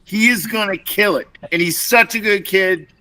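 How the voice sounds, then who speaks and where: A man's voice: high voice, moderate pace, sharp tone. A man co-hosting a podcast in casual chat, enthusiastic with hesitant fillers. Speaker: podcast co-host.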